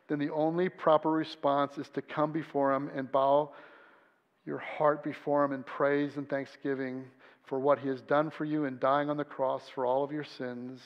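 Male pastor, high-pitched voice, earnest sermon delivery, dull sound with a long church reverb. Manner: earnest preaching, acts out quoted voices. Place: church sanctuary.

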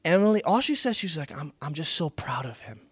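Dynamic high-voiced male preacher. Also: big pitch swings, quick pace, slightly rough. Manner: dynamic, swinging from loud to hushed; repeats key phrases for emphasis. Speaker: pastor. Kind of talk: sermon.

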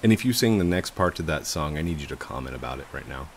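A man in his thirties talks through his gameplay in a casual, rambling way. His voice sits low but swings widely in pitch, and he often laughs or jumps up into excited yells. A faint background noise runs under the recording. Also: quick pace. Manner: chatty and animated, laughs often, bursts into high excited yells. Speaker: gaming YouTuber.

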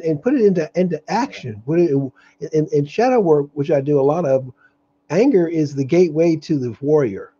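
Man, earnest halting live-stream talk, slightly high voice, muffled lo-fi audio. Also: expressive, warm tone, slightly rough. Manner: earnest, openly angry, halting with restarts. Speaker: host of a daily live meditation stream.

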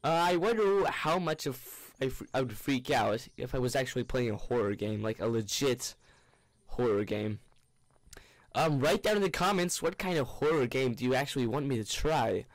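A man's voice: medium pitch, animated, moderate pace, no room sound. A young man giving goofy, rambling commentary on a game he is playing, with bursts of panicked shrieks. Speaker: gaming YouTuber. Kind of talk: let's play commentary.

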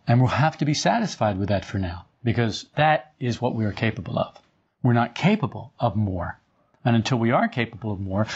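Husky guy teaching a spiritual group, pitch jumps all over, kinda dull lo-fi sound. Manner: conversational, chuckles often, animated retellings. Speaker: esoteric teacher. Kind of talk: informal spiritual talk to a group. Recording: dull lo-fi recording.

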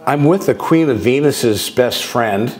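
A man's voice: medium pitch, lively intonation, measured pace. A man in his sixties telling long, loose personal stories as a guest speaker, restarting sentences and acting out bits of dialogue. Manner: loose and digressive, with frequent restarts and acted quotes. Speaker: guest speaker on contact experiences. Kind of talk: rambling anecdotal storytelling. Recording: roomy echoey sound.

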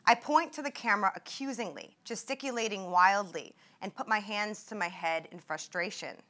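A young woman reads passages from her memoir to an audience, with a measured, vivid delivery. Her voice is bright and forward, and her pitch sits in an ordinary middle range. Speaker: author and former patient. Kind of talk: reading from her memoir at a talk.

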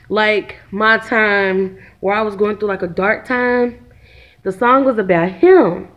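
A woman's voice: a little high, highs cut off. A woman in her twenties chatting casually to her viewers in a vlog, calling them "y'all" again and again. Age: 20s. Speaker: vlogger, single mother. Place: at home.

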